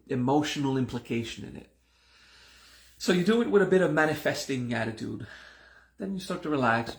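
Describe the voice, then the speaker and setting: A man with a gravelly, creaky voice teaches a spiritual class in an easygoing, conversational way. He circles back over his points and often restarts his sentences mid-thought. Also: medium pitch, fairly bright tone. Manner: conversational, repeats himself, many restarts. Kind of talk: live-streamed class talk.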